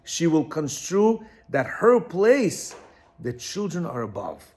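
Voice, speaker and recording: A man's voice: fairly high pitch, sing-song, slow, darkish tone, a little hiss or hum. A man teaching a class, reading from a text and explaining it, repeating phrases and checking in with his listeners.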